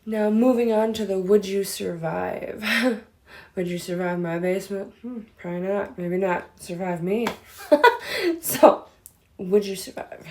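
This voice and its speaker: A chatty woman hosting a spooky-stories channel rambles casually and peppers her talk with fillers. Her voice is mid-pitched with a gravelly, fried edge. She is recorded close to the mic. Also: steady tone, unhurried, darkish tone. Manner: chatty, filler-heavy, laughs easily. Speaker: host of a spooky story channel.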